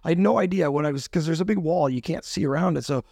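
A man telling a long story in casual chat, animated and laughing, often restarting his sentences. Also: a little high, fast talker, vocal fry, no room sound. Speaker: podcast guest, restaurant owner. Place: studio.

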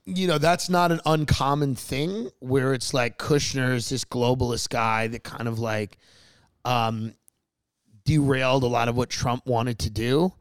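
A man's voice: mid-range voice, steady tone, a little slow, smooth, no room sound, rough recording. A man co-hosting a podcast, talking in a rambling, joking, opinionated way. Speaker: podcast co-host. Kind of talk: casual joking chat.

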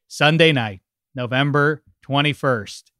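A man with a bright, crisp voice hosts a casual sports chat. He is wry and a little rambling. The sound is dry and close. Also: a little high, measured pace, no room sound. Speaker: podcast host.

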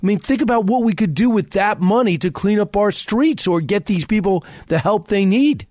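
A man who is a radio host, speaking as a guest in a fast, emphatic political talk conversation full of restarts. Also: sits high, lively intonation, darkish tone, no room sound, clean studio sound. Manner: rapid, emphatic, frequent restarts.

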